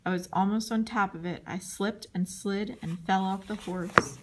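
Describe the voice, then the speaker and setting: Woman reading a children's chapter book. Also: moderate pace. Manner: reads the dialogue with lively voices, jumping high for shouts. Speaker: audiobook reader. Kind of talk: scripted narration.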